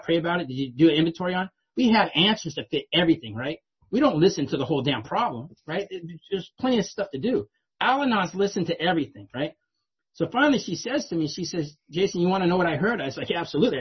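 A middle-aged man telling a personal recovery story in a lively way, often adding "right?" to check in with the room. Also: fairly high pitch, fast, husky, dull audio. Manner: animated, repeats "right?" often. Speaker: speaker sharing a recovery story. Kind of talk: storytelling talk.

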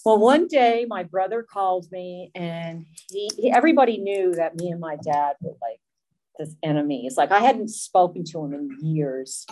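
A woman's voice: on the low side, lively intonation, a little mellow. Earnest middle-aged woman sharing her story. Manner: earnest, emotional, halting storytelling. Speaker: recovery meeting speaker. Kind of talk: personal recovery testimony.

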